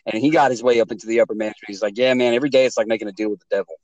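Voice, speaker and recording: A man's voice: fairly low pitch, steady tone, very fast, darkish tone, no room sound, poor audio. A man hosting a casual chat, asking friends easygoing questions.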